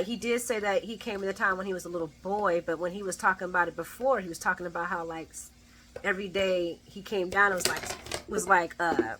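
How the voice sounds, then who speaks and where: A woman giving a casual, profane daily soap opera recap with animated asides. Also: mid-range voice, poor audio.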